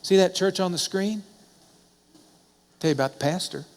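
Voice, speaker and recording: Middle-aged male pastor, slightly high voice, chatty storytelling sermon, long church reverb. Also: moderate pace. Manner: conversational storytelling, asks and answers his own questions. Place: church sanctuary.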